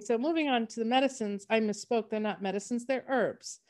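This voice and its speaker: A woman's voice: fairly high pitch, fairly quick, a little mellow. Chatty storytelling woman podcast host. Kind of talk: casual chat.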